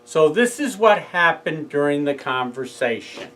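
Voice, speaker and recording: A man's voice: fairly high pitch, animated, a little slow, fairly bright tone, rough recording. A man telling his own story in a casual monologue, rambling with asides and self-corrections. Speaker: father speaking out about his own court case.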